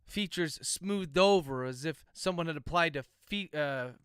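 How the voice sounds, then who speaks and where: Dictating his novel live to viewers, an author reads out each comma and period, then drifts into relaxed, chatty asides between passages. His voice is on the high side, measured, a bit bright, clear and resonant. The recording is dry, with clean studio sound.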